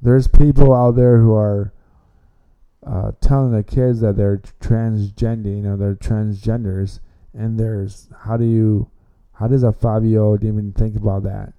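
A man's voice: fairly low pitch, flat delivery, measured pace, smooth, dull audio. A man hosting a casual sports podcast, opinionated, often repeating himself and restarting phrases. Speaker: podcast host.

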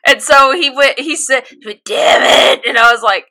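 A woman co-hosting a podcast in casual chat, excitable and quick to laugh. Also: high voice. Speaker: podcast co-host.

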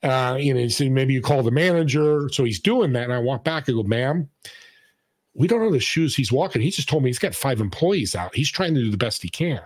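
A man of middle pitch tells stories in a relaxed podcast conversation, slipping into the voices of the people he quotes. His voice sits close and dry, with no room around it. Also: fairly quick, dry recording. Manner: animated storyteller acting out quoted voices. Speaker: podcast host and guest. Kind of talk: storytelling in casual conversation.

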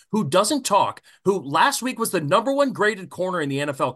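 A man rants on a sports podcast, swearing freely and heated. His voice jumps all over the place in pitch. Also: fairly bright tone. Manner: profane, fired-up ranting. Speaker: podcast co-host.

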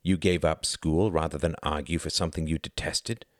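A man doing a gentle, earnest German mentor. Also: a bass voice, steady tone, no echo, clean studio sound. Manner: measured and gentle.

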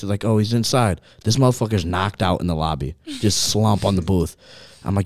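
A young man hosting a casual chat, telling a rowdy night-out story in an animated, profane way and laughing along as he goes. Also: on the low side, fairly quick, dry recording, studio quality. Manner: animated, profane, laughs through his stories.

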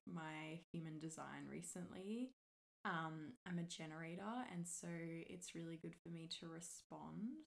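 A woman chats loosely through her own podcast. Her voice sits fairly low and sounds husky from the morning, and she swears and laughs easily as she talks. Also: low-quality recording. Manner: relaxed, chatty, swears casually, laughs often. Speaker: podcast host. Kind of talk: casual solo podcast chat.

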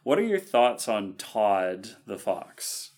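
Slow, low-voiced man asking questions. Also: big pitch swings, a little mellow. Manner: measured, questioning, hedging with fillers. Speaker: podcast co-host. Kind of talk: casual chat.

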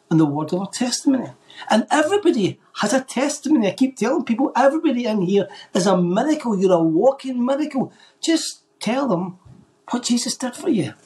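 A man, a podcast guest, telling a faith story in an animated way and acting out the voices of the people in it. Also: high-pitched. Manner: animated storyteller who acts out quoted voices. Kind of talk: telling a faith testimony in conversation.

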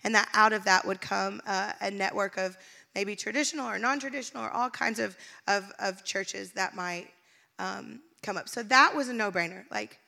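A woman's voice: medium pitch, brisk, creaky, pushed and bright. A woman pastor speaking candidly to her church, emotional and laughing often. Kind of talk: sermon-style church announcement. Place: church stage.

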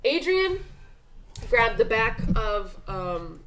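A woman's voice: fairly high pitch, very animated, extremely slow, a bit bright, slight background noise, rough recording. Rambling young woman retelling a crime story. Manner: rambling, lots of "like" and swearing, acts out quotes. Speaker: podcast co-host telling a true crime story. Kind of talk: casual true crime chat.

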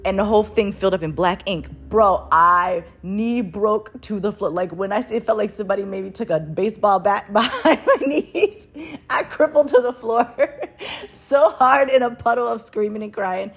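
An adult woman telling a personal story in a casual, animated way, swearing freely and laughing often as she talks. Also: medium pitch, normal speed, husky. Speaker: vlogger.

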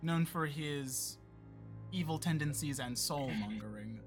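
Game master, man, slightly high voice, playful narration, clear music bed behind. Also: unhurried.

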